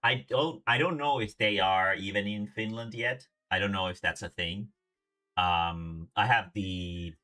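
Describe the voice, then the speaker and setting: A man's voice: sits low, bright, forceful tone. A man casually reacting to a video on stream, rambling with many fillers and frequent swearing. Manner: rambling, hesitant, swears a lot.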